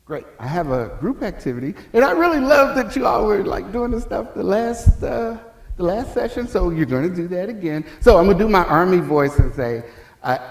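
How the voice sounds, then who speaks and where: A man presenting a conference workshop, chatty and joking, with loose restarts. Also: medium pitch. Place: conference room. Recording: echoey conference room.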